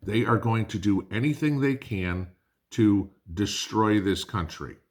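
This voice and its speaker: A man's voice: on the low side, unhurried. A man hosting a prepping channel, delivering an angry, blunt political rant to his viewers, swearing and calling them guys.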